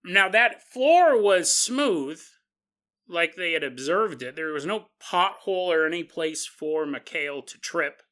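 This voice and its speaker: A man with a fairly high, bright voice narrates a paranormal tale as a podcast host. He talks casually and with energy, chuckling and throwing in asides to the listener. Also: takes it slowly. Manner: animated, chuckling, conversational asides.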